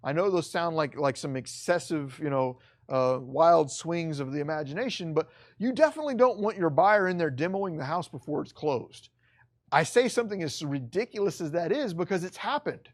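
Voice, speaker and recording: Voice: mid-range voice, lively intonation, normal speed. Emphatic, blunt course instructor. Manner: emphatic, repeats key points, blunt and casual. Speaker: real estate instructor. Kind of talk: online course lecture.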